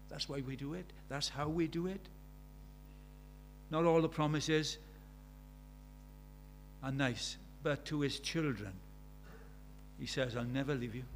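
A man's voice: mid-range voice, slight background noise. A British man preaching a sermon, telling stories with emphasis and repeating key phrases.

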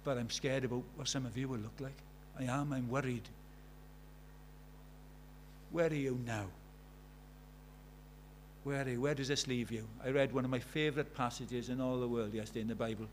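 A man's voice: mid-range voice, steady tone, moderate pace, pauses often, a little hiss or hum. A man preaching a sermon, telling stories and building to emphatic appeals.

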